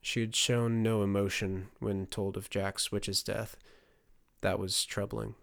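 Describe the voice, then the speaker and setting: A man narrating a fantasy audiobook in a steady storytelling delivery. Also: lowish voice, slow pace, gravelly.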